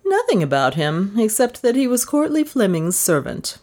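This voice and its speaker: A woman voicing a firm, elderly lady of the house in an audiobook, speaking crisply and matter-of-factly. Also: mid-range voice, very animated, moderate pace, dark tone, pitched above the performer's own voice. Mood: brisk.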